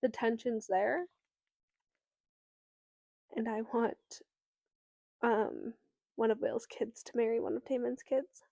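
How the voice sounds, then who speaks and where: A woman's voice: on the high side, fairly even intonation, takes it slowly, creaky, pauses often, dark tone, no room sound. A woman co-hosting a podcast, recapping a novel's plot in casual chat with fillers and some swearing. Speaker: podcast co-host. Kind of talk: casual book discussion.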